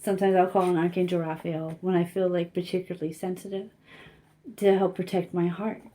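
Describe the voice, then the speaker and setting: A woman giving a casual spiritual card reading, talking gently and haltingly with many fillers. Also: fairly low pitch, level tone.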